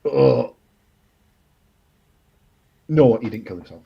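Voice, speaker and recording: A man's voice: medium pitch, animated, takes it slowly, gravelly, husky, lo-fi sound. A man chatting as a guest on a live stream, blunt, jokey and opinionated. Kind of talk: casual live-stream chat.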